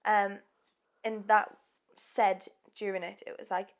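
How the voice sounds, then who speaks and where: A woman co-hosting a podcast recounts a case in relaxed, chatty conversation. She fills her pauses with ums and breaks into giggles at her own slips. Her pitch sits in an ordinary middle range. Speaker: podcast co-host. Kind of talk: casual true-crime chat.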